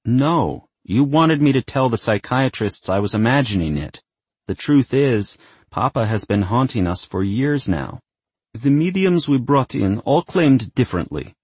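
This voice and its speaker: Insistent young woman, raised pitch, pleading , played by a male narrator. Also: very animated, a little slow, darkish tone, husky, dry recording.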